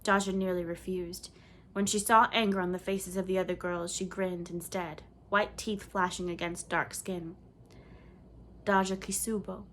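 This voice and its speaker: A woman reading a children's novel aloud in clear, measured storybook narration. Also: lowish voice, little pitch movement, fairly bright tone, slight background noise. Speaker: audiobook reader.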